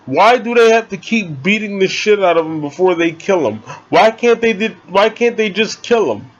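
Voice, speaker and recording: A man giving a casual, rambling movie review, excitable and swearing freely. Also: sits high, moderate pace, highs cut off.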